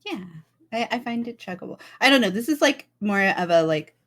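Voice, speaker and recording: A woman's voice: on the high side, lively intonation, fairly quick, fairly bright tone. A woman co-hosting a podcast, chatting casually in a giggly, playful way. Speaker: podcast co-host. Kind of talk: casual chat.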